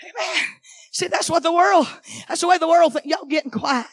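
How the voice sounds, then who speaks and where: A middle-aged woman, preaching a fiery sermon in church, shouting, chanting and throwing questions at the congregation. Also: extremely high pitch, moderate pace. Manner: shouting, chanting, call-and-response asides. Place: church sanctuary.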